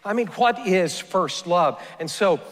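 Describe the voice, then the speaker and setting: A male pastor delivers a sermon in a high, unhurried voice. He speaks earnestly and circles back over his own phrases to press a point home. The sound carries the long reverb of a church sanctuary. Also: expressive. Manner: earnest, repeats phrases while building a point.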